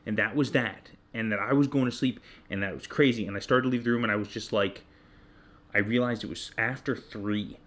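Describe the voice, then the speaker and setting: Speaking fairly quickly in a lowish voice, a thirty-something man co-hosting a podcast recounts something that happened to him. The tone is casual, frank and self-mocking, and he grows animated as he replays the moment he yelled.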